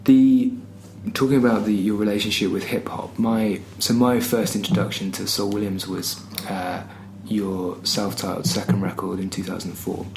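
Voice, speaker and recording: Interviewer, man, lowish gravelly voice, measured questions, faint room ambience. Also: fairly even intonation, a little mellow, slight background noise, low-quality recording. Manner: measured, thoughtful questioning with fillers. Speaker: podcast interviewer.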